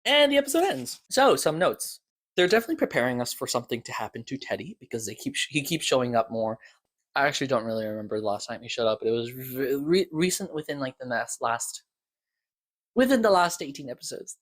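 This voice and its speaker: A man's voice: medium pitch, animated, fast. A man giving a casual, rambling recap of podcast episodes as a reviewer, talking loosely and stopping to restart his thoughts.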